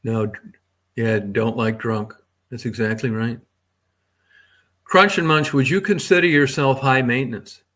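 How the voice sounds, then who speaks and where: A man's voice: mid-range voice, fairly even intonation, a little slow, pauses often, fairly bright tone. Middle-aged man, livestream host, casual chat, crude, rambling, heavy swearing. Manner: talks to chat viewers by name.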